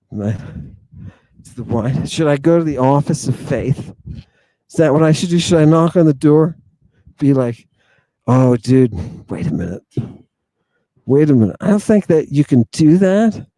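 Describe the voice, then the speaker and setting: Excitable, rambling man, mellow higher voice. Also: no echo. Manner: excitable, exclaiming and asking rhetorical questions; sardonic and mocking. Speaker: channel host. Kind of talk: rambling livestream monologue, reading viewer comments.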